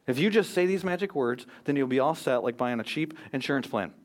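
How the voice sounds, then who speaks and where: A man's voice: mid-range voice, expressive, brisk. An American man preaching a sermon as pastor, earnest and emphatic, quoting scripture and speeches.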